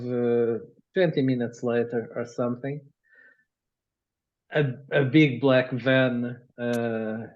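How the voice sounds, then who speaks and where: A man running a tabletop game as game master, narrating haltingly with many restarts. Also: mid-range voice, lo-fi sound.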